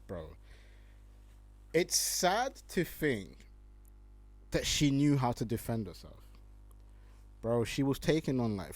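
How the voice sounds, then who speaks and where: Animated young man podcasting. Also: mid-range voice. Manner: animated, laughs often, slangy, reads tweets aloud. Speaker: podcast host. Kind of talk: casual solo podcast commentary.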